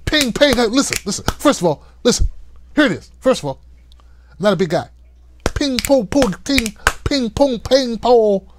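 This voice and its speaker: A man putting on an impression of an excitable, fast-talking male comedian, with a high, bouncy, yelping delivery. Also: noisy background. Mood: jokey, manic.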